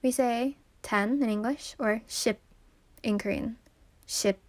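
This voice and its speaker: A woman with a slightly high voice gives a pronunciation lesson. She says each word slowly and repeats it so learners can follow. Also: no room sound. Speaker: language teacher.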